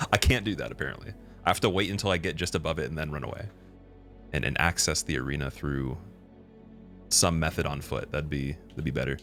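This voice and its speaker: Low-voiced man streaming a game, chatty. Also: fairly quick, pauses often, faint music behind. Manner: chatty and giggly, talks to chat, gets loud and excited. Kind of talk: casual live-stream commentary while playing.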